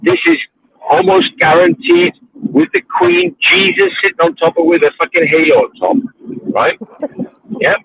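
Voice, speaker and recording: A man's voice: sits high, huge pitch swings, moderate pace, vocal fry, slightly rough, no room sound. A man, ranting in casual chat while driving his car, swearing freely. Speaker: livestream host. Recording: tinny phone line.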